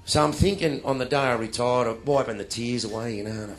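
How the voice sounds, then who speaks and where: A middle-aged Australian man telling comic stories to a live audience, acting out other people's lines in loud bursts. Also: medium pitch, quick pace, hardly any pauses, slight background noise. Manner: animated, acts out dialogue in loud bursts. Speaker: after-dinner speaker.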